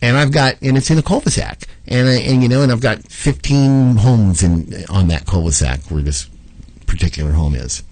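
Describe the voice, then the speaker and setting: A man hosting a talk show, telling a long story in a rambling, animated way with lots of repeats. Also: mid-range voice, moderate pace, no echo, poor audio. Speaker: show host.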